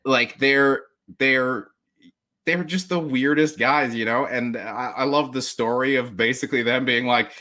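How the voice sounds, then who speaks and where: Man, podcast guest, casual chat, bright forceful tone, laughs a lot, restarts sentences. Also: medium pitch, measured pace. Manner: rambling with many restarts, laughs often; acts out quoted people in mock voices.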